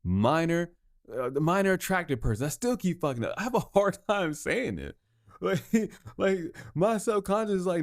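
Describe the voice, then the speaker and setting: A man's voice: sits high, animated, moderate pace, no room sound. Male podcast host, solo rant: heated, swears a lot, trips over words, dry close sound. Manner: heated, profane, stumbles and repeats himself.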